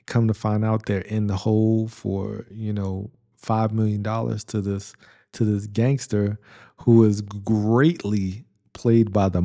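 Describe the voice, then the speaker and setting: A man's voice: on the low side, vocal fry, dark tone. A middle-aged man hosting a podcast, casually reviewing a comedy in a rambling way, with many fillers and restarts. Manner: rambling, lots of ums and restarts, chuckling. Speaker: podcast host reviewing movies. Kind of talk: casual movie review monologue.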